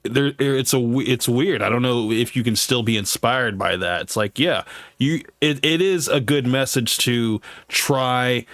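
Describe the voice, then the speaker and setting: Male host, mid-pitched, rambling casual commentary, dry booth sound. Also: a little slow, fairly bright tone, no echo. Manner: loose, rambling, heavy on fillers.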